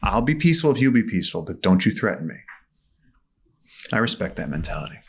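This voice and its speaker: A man as a podcast guest, telling animated stories and acting out the voices in them. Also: on the low side, fast talker, vocal fry, breathy edge. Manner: vivid, acts out voices in his stories. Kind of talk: animated storytelling in conversation. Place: studio.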